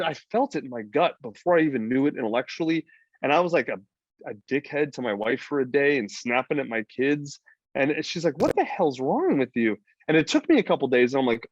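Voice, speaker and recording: A man's voice: on the high side, no echo. A man, a podcast guest talking casually, blunt and profane, rambling with lots of fillers. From United States. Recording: slightly dull, dry lo-fi audio.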